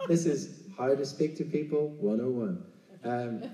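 Irish man, casual sermon, mellow tone, roomy room. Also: medium pitch, normal speed, recorded from a distance. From Ireland. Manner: chatty, keeps asking "right?". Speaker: preacher. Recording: roomy, from off mic.

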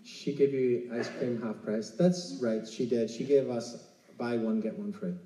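A man's voice: medium pitch, steady tone, unhurried, mellow, recorded from a distance. An Irish man preaching a casual, conversational sermon, chatty and often checking in with "right?". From Ireland. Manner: chatty, keeps asking "right?". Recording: roomy, from off mic.

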